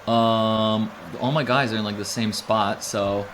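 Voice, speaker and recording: A man streaming a video game, talking casually and rambling, then bursting into loud excited shouts during play. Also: on the low side, a little slow, slight background noise. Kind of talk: casual live gameplay commentary.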